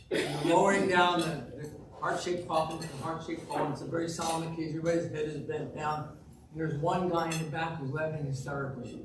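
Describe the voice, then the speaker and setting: A man at a club meeting, telling folksy jokes and stories in a chatty way. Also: fairly high pitch. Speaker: Rotary club speaker. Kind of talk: joke-telling club talk. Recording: distant, echoey room with background noise.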